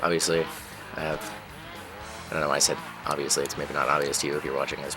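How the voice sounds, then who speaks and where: A man giving casual, rambling commentary while playing a racing game, breaking off to react loudly whenever he crashes. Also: rumbling low, little pitch movement, fast, creaky. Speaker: gaming channel host. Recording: game music behind voice. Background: game music and engine sounds.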